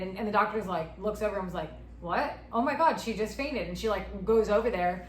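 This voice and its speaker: A woman's voice: mid-range voice, a little fast, roomy sound, low-quality recording. A woman in her twenties, speaking as an interviewee and candidly telling a personal story, often acting out what was said. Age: 20s. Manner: candid, retelling with quoted dialogue.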